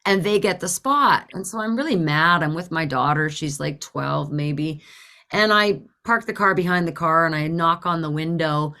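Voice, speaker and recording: Bright-voiced woman in her forties, a lively podcast co-host who tells stories and swears casually. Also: low voice, normal speed. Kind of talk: casual storytelling chat.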